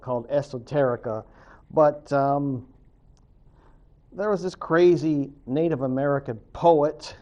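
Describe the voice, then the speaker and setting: A man's voice: on the high side, dark tone, lo-fi sound. A man speaking as a college professor in a recorded lecture, chatty and full of joking asides.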